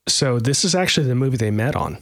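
A man co-hosting a podcast in a loose, rambling way, stumbling through fillers and poking fun at himself. His voice sits at an ordinary pitch in a dry, close recording. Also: animated, fast talker, gravelly, no echo. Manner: rambling, self-deprecating, full of fillers. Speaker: podcast co-host. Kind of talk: casual chat.

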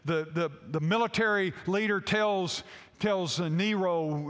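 A man preaching a sermon as a pastor, telling a story haltingly with many fillers. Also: high-pitched, a bit bright. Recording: long hall reverb.

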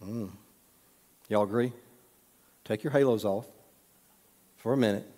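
A man preaching a sermon, telling folksy stories with humorous asides and dropping to a soft hush at times. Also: on the low side, unhurried. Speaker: pastor. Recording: long hall reverb.

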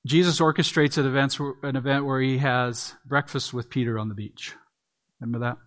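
Man, pastor, sermon, expository teaching, conversational, mid pitch. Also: fairly even intonation, fairly quick, a bit bright.

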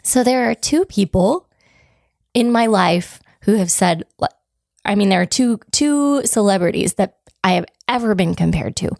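A chatty woman co-hosting a casual conversation, her voice rough and croaky today. She talks in a self-deprecating way at a medium pitch, recorded close and dry. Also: animated, unhurried, a little mellow, dry recording. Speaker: podcast co-host. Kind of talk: casual chat.

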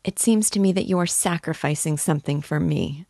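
A woman reading the lines of a timid, earnest young girl who speaks softly and hesitantly. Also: sits low, fairly quick, creaky, no room sound, studio quality. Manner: soft, hesitant, heartfelt.

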